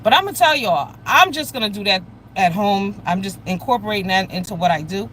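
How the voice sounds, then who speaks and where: A woman's voice: medium pitch, fairly quick, slight background noise. Blunt, gossipy woman livestreaming. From United States. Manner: blunt, profane, gossipy and animated. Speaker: livestream host. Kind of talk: casual livestream chat, greeting viewers.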